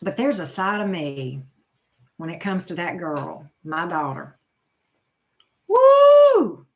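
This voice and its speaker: A middle-aged woman reads her live chat during a casual stream, reacting to viewers by name with plenty of exclamations and lots of chatter. Her voice is fairly low and unhurried.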